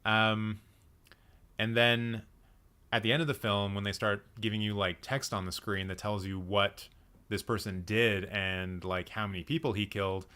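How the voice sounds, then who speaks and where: A slightly low-voiced man with a bright, forward tone chats casually on a live stream about films. He thinks aloud, circling back with frequent ums and restarts while responding to his chat. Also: level tone, moderate pace, smooth. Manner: reacts to chat comments. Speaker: livestream movie chat host.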